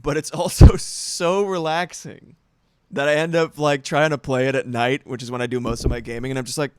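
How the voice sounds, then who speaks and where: A man's voice: medium pitch, level tone, fast, smooth, dry recording. A man in his thirties chatting casually on a livestream, rambling and self-deprecating, with some swearing. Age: 30s.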